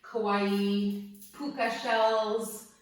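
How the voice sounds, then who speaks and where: A woman teaching a guided yoga class, cueing breaths and poses gently and cheerfully, often laughing. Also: mid-range voice, level tone, drawn-out words. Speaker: yoga instructor. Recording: very echoey room, mic far off.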